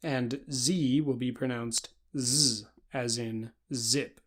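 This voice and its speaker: A man giving a pronunciation lesson, deliberately spelling out sounds one by one with example words. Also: medium pitch, steady tone. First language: English. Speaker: pronunciation instructor.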